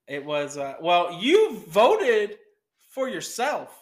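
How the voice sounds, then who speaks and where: A man's voice: high-pitched, huge pitch swings, takes it slowly. A young man co-hosting a casual podcast, talking hesitantly and repeating words. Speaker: podcast co-host. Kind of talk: casual chat.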